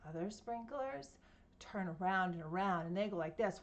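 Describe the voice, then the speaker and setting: A woman's voice: mid-range voice, animated, moderate pace, a little hiss or hum. A woman reading a picture book aloud to children at home, playfully imitating sounds and asking her listeners questions. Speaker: storytime reader.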